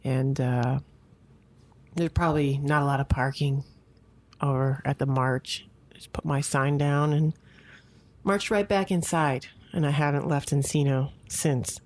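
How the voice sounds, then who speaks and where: Woman, 40s, Midwest-raised, low voice, deadpan comic podcast host. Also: unhurried, pauses often. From American Midwest. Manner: rambling, self-deprecating, deadpan. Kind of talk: casual solo comedic monologue. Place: home side office.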